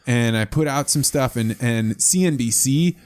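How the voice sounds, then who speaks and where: Man, podcast host, mid-pitched, animated storytelling, casual. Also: moderate pace. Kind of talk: conversational interview.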